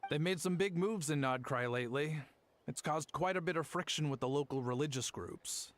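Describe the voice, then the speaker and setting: An actor playing a polite, apologetic merchant in a game, explaining things in a friendly way. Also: male voice, fairly high pitch, moderate pace, close to an everyday voice. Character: polite adult male traveling merchant. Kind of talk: game voice acting.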